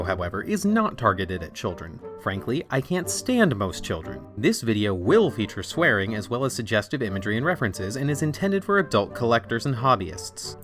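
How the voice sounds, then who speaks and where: A young man narrates a scripted comedic review, his tone dry and sarcastic. His voice sits low but swings widely up and down, keeping the delivery animated. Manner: sarcastic, irreverent. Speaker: video essay host.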